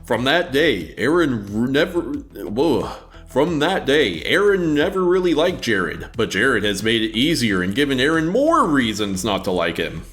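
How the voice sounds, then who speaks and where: A man's voice: medium pitch, very animated, measured pace, a bit bright, soft background music. A young man reading a story aloud on a comedy podcast, playful and theatrical, often laughing.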